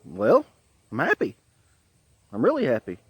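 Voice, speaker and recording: Lively folksy Southern man telling a joke. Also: a little high, unhurried, slightly rough, no room sound, lo-fi sound. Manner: folksy, bawdy, laughs at his own jokes. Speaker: comedian telling a story. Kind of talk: comic storytelling.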